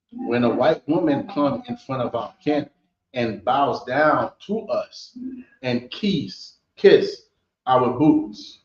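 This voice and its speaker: Male teacher, measured emphatic scripture lesson, echoey lo-fi room recording. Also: medium pitch. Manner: emphatic, checks in with "right?" often. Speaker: teacher of a scripture history class. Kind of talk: preaching-style scripture lesson. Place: meeting hall. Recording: roomy, dull lo-fi recording.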